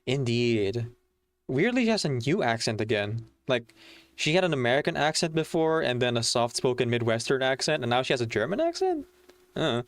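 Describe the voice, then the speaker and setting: A man with a smooth, resonant voice chatting loosely on a game stream. He rambles along easily, sprinkling his talk with fillers as he talks to his viewers. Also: mid-range voice. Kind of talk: casual livestream chat.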